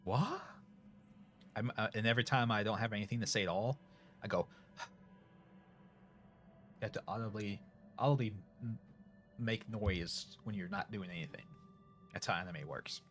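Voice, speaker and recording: Low-voiced rambling man chatting on stream. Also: moderate pace, a bit bright. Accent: Northern US. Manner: rambling, many fillers and restarts. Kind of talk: casual chat to chat viewers. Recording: faint music behind.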